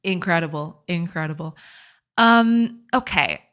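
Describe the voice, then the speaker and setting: Through a voice changer, a woman game developer thinks aloud and walks through her code step by step, chatting casually and giggling on a live stream. Her voice is lowish, unhurried and fairly bright.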